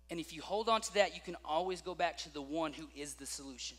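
A man delivers a sermon with a high, bright voice. He tells stories in an animated way, acting out the voices of the people in them. His voice rings with a long reverb, as in a large hall. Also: fast, few pauses, breathy edge. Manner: animated storytelling with acted-out voices. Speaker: pastor.

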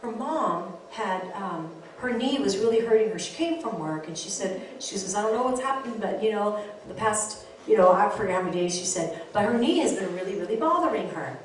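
An older woman pastor preaching a lively sermon, telling stories and drawing call-and-response from her congregation. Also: mid-range voice, a little fast, few pauses, heavy reverb, recorded from a distance, a little hiss or hum. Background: congregation responding amen.

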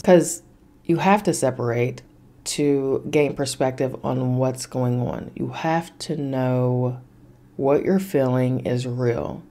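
Low, mellow-voiced woman podcaster. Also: vocal fry. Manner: blunt and emphatic, swears freely, repeats commands. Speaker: podcast host. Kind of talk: casual spiritual self-help talk.

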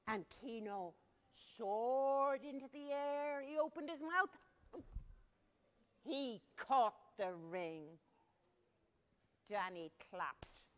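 A woman's voice: high voice, drawn-out words, long pauses. A woman reading a story aloud to children in a library, asking them to join in. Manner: animated, asks children to join in. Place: library room.

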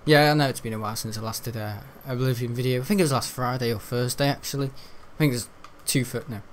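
A man's voice: mid-range voice, fast talker, a little hiss or hum. A teenage young man giving rambling, chatty let's-play commentary while he plays, often laughing. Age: teens. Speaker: gaming video host.

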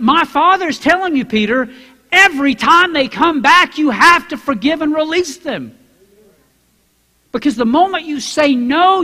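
A man preaching a sermon as a pastor, acting out Bible characters in quoted voices and building to loud, emphatic preaching. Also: extremely high pitch, big-room sound. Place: church sanctuary.

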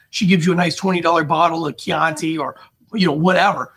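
A man on a podcast talking about pairing wine with food, casual and animated, with frequent swearing. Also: brisk, husky. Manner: animated, swearing, acts out guests in a high voice. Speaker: wine guest.

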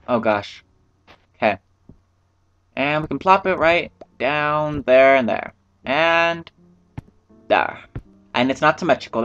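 A man's voice: mid-range voice, expressive, takes it slowly, long pauses, fairly bright tone, highs cut off, soft background music. A man giving casual let's-play commentary, rambling to himself and swearing freely. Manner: rambling, profane, talks to himself. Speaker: gameplay commentator.

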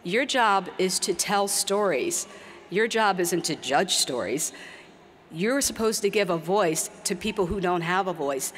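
A woman's voice: lowish voice, lively intonation, fairly bright tone, slight background noise. A middle-aged woman giving an earnest, emphatic commencement speech. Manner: earnest, emphatic with slow, repeated exhortations. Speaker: commencement speaker. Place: large hall. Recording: long hall reverb.

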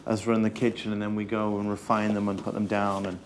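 A man's voice: fairly low pitch, completely flat delivery, fast, noisy background. A man working as a head chef, talking intensely and swearing as he barks orders. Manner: intense, profane, barking orders. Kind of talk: documentary interview and kitchen shouting. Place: restaurant kitchen.

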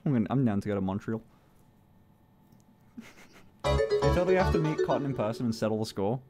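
A man's voice: mid-range voice, animated, a little fast, mellow, soft background music. A young man livestreaming, chatting casually with his viewers, joking, swearing and laughing often. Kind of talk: casual chat reading out chat messages.

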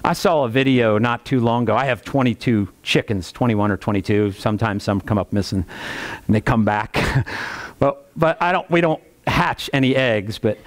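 A man preaching a sermon as pastor, animated, with folksy asides and chuckles. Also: normal speed. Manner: animated preaching, rising pitch on rhetorical questions.

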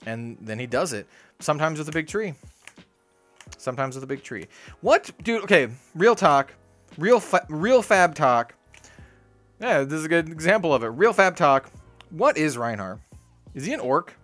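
A young man hosting a card-opening video in a small hot room, rambling and excitable, talking about being sweaty and needing to calm down. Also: fairly high pitch, normal speed, pauses often, no echo, soft background music. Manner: excitable, rambling, lots of "dude" and "like". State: sweaty and worked up. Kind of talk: casual case-opening commentary.

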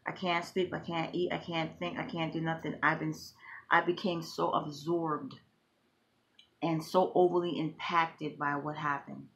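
A woman's voice: sits low, flat delivery, a little slow, fairly bright tone. A middle-aged woman vlogging emotionally, talking in an impassioned, repetitive, grieving way. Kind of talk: emotional personal vlog.

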